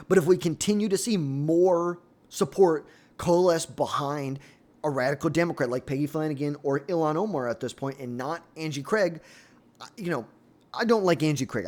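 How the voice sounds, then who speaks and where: A man giving solo political commentary, blunt and opinionated, with exasperated asides. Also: a little high.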